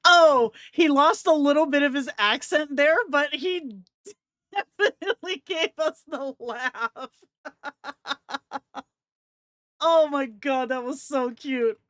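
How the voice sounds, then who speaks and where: A woman's voice: high voice, slow pace, long pauses, a bit bright, no room sound, clean studio sound. A woman hosting a casual live stream, giggly and enthusiastic as she talks to her viewers.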